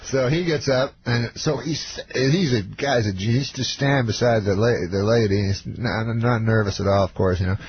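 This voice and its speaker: A man, a comedian guest, telling a long rambling story on a talk show, halting with many fillers and slipping into voices for people he mentions. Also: medium pitch. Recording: muffled radio broadcast with hiss.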